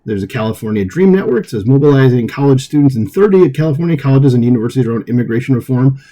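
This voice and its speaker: A man's voice: mid-range voice, animated, rapid-fire, warm tone. A man hosting political commentary, reading an article aloud in a casual way and breaking off for conversational asides with fillers and chuckles.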